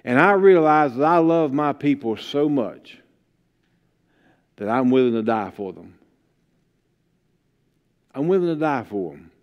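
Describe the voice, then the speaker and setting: A preacher voicing a soft, hushed God. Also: male voice, medium pitch, lively intonation, long reverb tail, pitched below the performer's own voice, lightly acted. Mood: hushed tender. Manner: hushed, tender, slow. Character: calm gentle male God speaking softly. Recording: dull lo-fi livestream sound.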